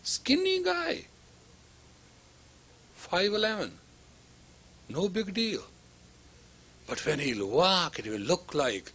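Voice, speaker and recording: A man's voice: high voice, very animated, slow, pauses often, fairly bright tone, husky. A man lecturing as a spiritual teacher, emphatic and repetitive, sometimes dropping to a whisper for emphasis. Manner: emphatic, repetitive, acts out dialogue. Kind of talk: lecture to students.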